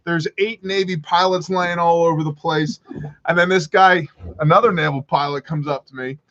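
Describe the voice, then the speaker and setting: A man hosting a livestream, telling stories in an animated, casual way and swearing freely. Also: a little high, moderate pace, dull audio. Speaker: livestream host. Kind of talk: casual storytelling chat.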